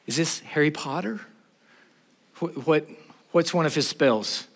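A man preaching a sermon in an animated way, joking with and talking to the crowd. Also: a little high, unhurried, long reverb tail. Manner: animated, talks to the crowd, uses humor.

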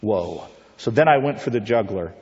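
A man's voice: on the low side, animated, a little fast, a little mellow. Man giving a persuasive talk in a reverberant hall. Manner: rhetorical, storytelling, puts questions to the audience. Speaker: pro-life speaker. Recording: reverberant, dull lo-fi hall recording.

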